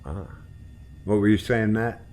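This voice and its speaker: A man's voice: fairly low pitch, measured pace, darkish tone, slight background noise. A man hosting a casual live stream, chatting while distracted and reading out chat. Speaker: stream host flying a helicopter simulator.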